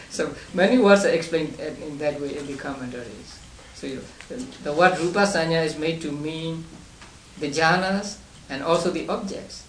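Man teaching from far off in a room. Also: on the high side. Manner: unhurried, explains step by step with many restarts; chuckles between points. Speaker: Buddhist meditation teacher. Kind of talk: study class lecture. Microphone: distant room mic. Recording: roomy distant amateur recording with hiss.

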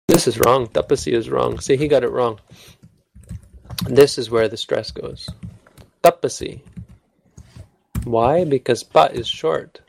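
Gravelly man teaching a casual lesson. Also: medium pitch, unhurried, darkish tone, a little hiss or hum. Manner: informal, self-correcting, joking. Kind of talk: casual recorded language lesson.

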